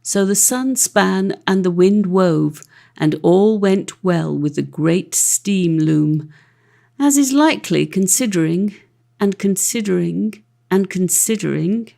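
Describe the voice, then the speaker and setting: A woman narrating a classic fairy-tale audiobook with an expressive, lively reading. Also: fairly low pitch, slow, gravelly. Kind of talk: storybook narration.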